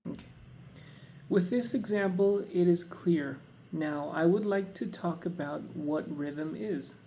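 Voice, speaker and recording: Moderator, Spanish first language, gravelly and mellow, hesitant delivery. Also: mid-range voice, slow pace, slight background noise, rough recording. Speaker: student moderator. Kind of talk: moderating a class presentation.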